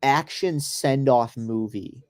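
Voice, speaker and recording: Dude rambling about baseball and movies, swears a lot, casual podcast commentary. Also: male voice, medium pitch, darkish tone. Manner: rambling, profane, quick asides. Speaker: podcast host. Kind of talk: casual commentary over a live baseball game.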